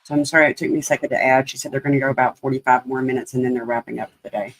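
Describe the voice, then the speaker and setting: Halting gravelly podcast host. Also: male voice, mid-range voice, fairly even intonation, fairly bright tone. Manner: loose, halting, thinking aloud. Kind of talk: casual livestream commentary.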